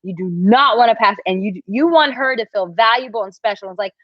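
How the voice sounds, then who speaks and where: A woman dating coach talking casually on a livestream, reading out viewer comments and answering them in an animated, chatty way. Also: mid-range voice, brisk, dry recording, highs cut off. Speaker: dating coach answering live chat questions.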